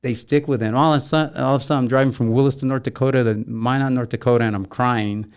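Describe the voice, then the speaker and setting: A middle-aged man who is a guest in a casual conversation, telling stories with lively acted-out dialogue. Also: mid-range voice, fast, clean tone. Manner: animated storyteller, acts out quoted dialogue.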